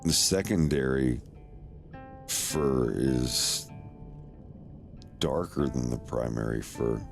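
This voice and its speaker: A man's voice: extremely low pitch, takes it slowly, vocal fry, pauses often, faint music behind. A man streaming and casually commenting with wry, playful remarks while watching videos.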